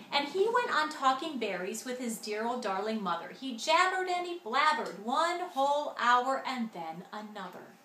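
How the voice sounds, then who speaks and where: A woman reads a rhyming picture book aloud in a sing-song way, with a bright, high voice that swings up and down. The reading carries in an echoey room with a faint hum of ambience behind it. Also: sing-song, a little slow, few pauses. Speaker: storyteller.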